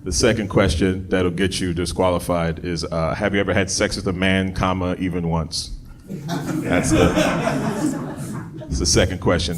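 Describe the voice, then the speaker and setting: Low-voiced man doing stand-up before a crowd. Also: brisk. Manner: conversational, laughing at his own jokes. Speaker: stand-up comedian. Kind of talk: stand-up comedy set. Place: comedy club stage. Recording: live club with audience crowd.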